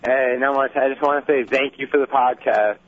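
A man's voice: mid-range voice, steady tone, a little fast, lo-fi sound. A man calling in to a radio show, talking in a laid-back, easygoing way. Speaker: caller. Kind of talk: phone call to a radio show.

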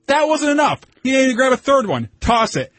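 A man co-hosting a talk radio show, trading dark, deadpan jokes in casual banter. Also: very high voice, brisk, no room sound. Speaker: radio co-host.

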